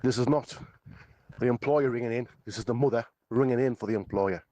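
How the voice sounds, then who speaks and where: A man's voice: medium pitch, a little fast, dark tone, no echo, dull audio. A man calling in to a radio phone-in, cheerfully telling stories about excuses he has heard as an employer. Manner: chatty and cheerful, tells stories. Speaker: caller. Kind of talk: phone-in anecdote.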